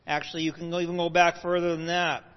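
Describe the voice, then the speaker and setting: A man lectures a live audience in a high-pitched voice, level in tone and quick in pace. He explains patiently, though he breaks off for asides and self-corrections. His voice carries a long hall reverb in a muffled, lo-fi recording.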